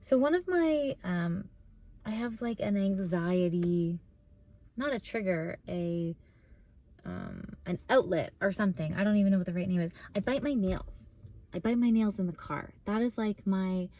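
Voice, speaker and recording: A woman's voice: mid-range voice, warm tone. A young woman vlogging from her parked car, talking in a rambling way with many fillers and restarts, close to tears. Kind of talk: casual emotional vlog.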